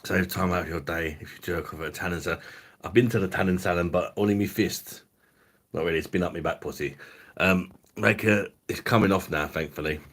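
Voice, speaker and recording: A young man hosts a live stream, crude and jokey and quick to laugh. His voice sits a little low, and he chats loosely with his viewers. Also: steady tone, a bit bright. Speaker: livestream host. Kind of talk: casual live stream chat.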